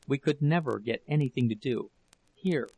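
A man's voice: medium pitch, moderate pace, vocal fry, darkish tone, breathy edge, no room sound, low-quality recording. A man voicing a frantic, tearful young wife. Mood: broken, whispering. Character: desperate young woman pleading with her husband.

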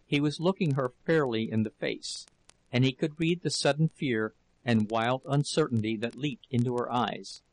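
A man narrating a novel in an audiobook with a steady, measured reading. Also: medium pitch, low-quality recording. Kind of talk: scripted narration.

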